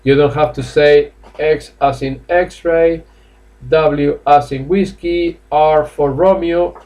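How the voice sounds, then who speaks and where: Spanish guy teaching english online, relaxed chatty teacher voice, lots of uh and laughs. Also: on the high side, slow. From Spain. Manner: chatty, coaxing, laughs often, many fillers. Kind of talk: live online class. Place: classroom or office indoors.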